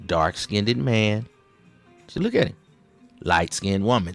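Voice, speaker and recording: A man's voice: lowish voice, lively intonation, slow, over loud music. A man hosting a satirical commentary over clips. He rambles, keeps repeating "see", stumbles over restarts and talks in Southern slang with a drawl. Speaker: host reacting to clips.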